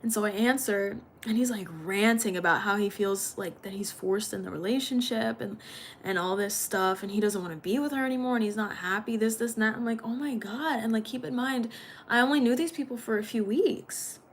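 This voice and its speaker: A woman's voice: on the high side, brisk, a little hiss or hum. A young woman livestreaming, telling a story in a rambling, chatty way with many fillers. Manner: rambling, chatty, heavy use of "like".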